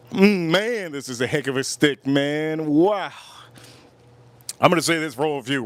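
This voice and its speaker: Male livestream reviewer, casual and enthusiastic, repeats himself, slightly higher voice. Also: moderate pace. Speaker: livestream cigar and whiskey reviewer.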